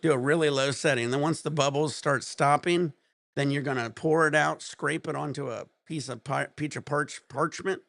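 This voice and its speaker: A man's voice: on the high side, steady tone, moderate pace, creaky, a bit bright, dry recording, studio quality. A man, hosting a casual livestream, rambling and laughing often. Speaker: livestream host.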